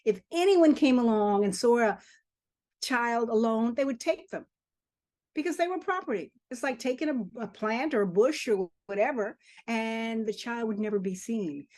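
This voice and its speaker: A woman's voice: on the high side, lively intonation, moderate pace, darkish tone, dry recording. Earnest older woman telling history. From Charleston, South Carolina family; grew up in Harlem. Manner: earnest storytelling, emphatic repetition. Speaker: children's author and guest. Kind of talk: podcast interview.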